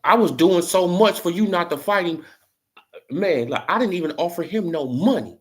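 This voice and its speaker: Brief: man doing a vindictive fight-game manager, taunting, swinging from low growls to high jeers. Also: lively intonation, moderate pace. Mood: scolding. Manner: taunting, scolding, rhetorical questions. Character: controlling, spiteful male boxing manager.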